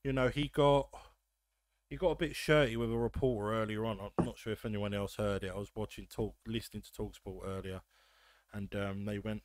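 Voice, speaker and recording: A man's voice: on the low side, steady tone, no room sound. Podcast host, man, ranty and sweary, dry close sound. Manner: ranting, swearing, quick asides. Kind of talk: casual football chat.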